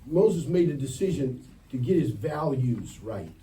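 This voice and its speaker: A man's voice: medium pitch, very animated, a little slow, warm tone. A man preaching a sermon to teenagers at a youth camp, direct and joking, firing questions at the crowd. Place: church camp meeting. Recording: distant mic with faint ambient noise.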